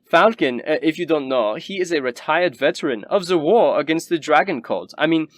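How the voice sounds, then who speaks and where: A man voicing a snobbish, cruel rich nobleman who gushes in a high, giddy voice. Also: animated, normal speed, no room sound, lightly acted. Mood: gushing.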